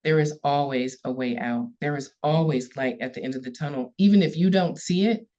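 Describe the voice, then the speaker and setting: A woman's voice: sits low, a little fast, dark tone. A woman police chief telling a story in a podcast interview, earnest and emphatic, repeating key words for weight. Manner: earnest, repetitive emphasis, gets emotional. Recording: slightly dull lo-fi audio.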